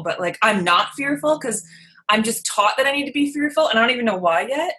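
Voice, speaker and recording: Giggly rambling woman, bright voice. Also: on the high side, fairly quick. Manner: rambling, giggly, self-deprecating. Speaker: comedian guest. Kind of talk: casual podcast chat.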